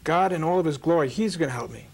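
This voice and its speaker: A man's voice: fairly high pitch, lively intonation, fast talker, vocal fry, husky, voice pushed up, exaggerated voice. A man voicing a stubborn, devout man adrift at sea, insisting and pleading. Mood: insistent.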